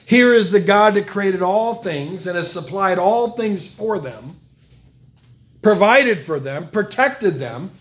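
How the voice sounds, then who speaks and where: A man's voice: high voice, a bit bright, echoey room. A man preaching a sermon, earnest and pleading, reading scripture aloud and dwelling on repeated phrases. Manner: earnest, pleading, reads scripture aloud in old-style wording.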